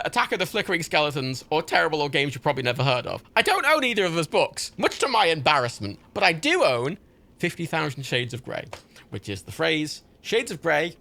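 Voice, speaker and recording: A man's voice: a little high, gravelly, sharp tone. A man chatting casually on his gaming livestream, rambling, swearing and laughing often.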